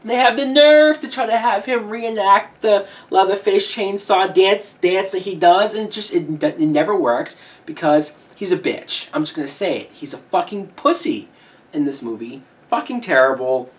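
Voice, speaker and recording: A woman reviewing a movie in a heated, profane rant, with sudden shouted peaks. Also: medium pitch, animated, moderate pace, distant mic. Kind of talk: ranting film review.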